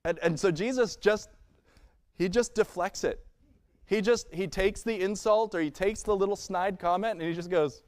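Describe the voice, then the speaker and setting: Guy pastor preaching, chatty and jokey, slightly high voice. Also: normal speed. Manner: conversational preaching with playful acted-out asides. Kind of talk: sermon. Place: church sanctuary.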